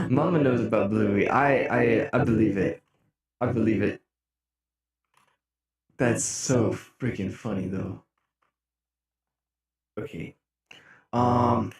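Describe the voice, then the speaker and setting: Young guy streaming, casual chat with chat, pitch jumps all over, laughs a lot, kinda echoey room. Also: very slow, pauses often. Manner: animated, laughing, breaks into mock-outraged shouts. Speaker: music streamer. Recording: roomy echo.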